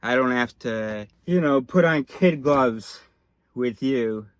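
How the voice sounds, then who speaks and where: A cheerfully presumptuous white man talks to a new acquaintance as if they were old friends, in a chummy, halting way full of ums and you knows. A man acts him out in a satirical skit, in a voice close to his own. The sound is dry and close, with a middle pitch. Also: fairly even intonation, a bit bright, no room sound.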